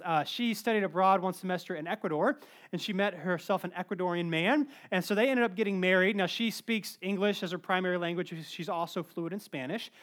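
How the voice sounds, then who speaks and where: A man in his thirties preaching a sermon, telling funny stories in an animated, joking way. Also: high voice. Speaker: pastor.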